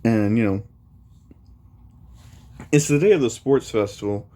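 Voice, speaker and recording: Slow, mellow-voiced man retelling a story. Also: medium pitch. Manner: rambling, many fillers like "you know" and "like". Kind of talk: casual retelling of a fan story.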